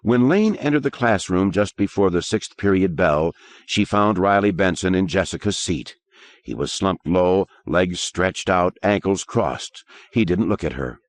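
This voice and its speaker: Low-voiced male audiobook narrator. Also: lively intonation, unhurried, no echo. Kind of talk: scripted narration.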